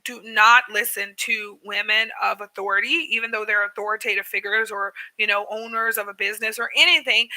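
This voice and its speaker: A woman's voice: on the high side, bright, forceful tone, low-quality recording. A woman vlogger casually telling a story, full of fillers and acted-out quotes. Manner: chatty, many fillers, acts out quoted people. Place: living in Korea.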